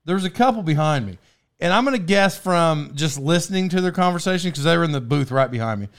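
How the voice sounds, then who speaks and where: A man with a somewhat high speaking voice hosts a podcast from a studio. He tells stories loosely, restarting sentences and breaking into laughter. The feel is relaxed, unscripted chat. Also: fast. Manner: rambling, self-interrupting, laughs often. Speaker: podcast host. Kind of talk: casual storytelling chat.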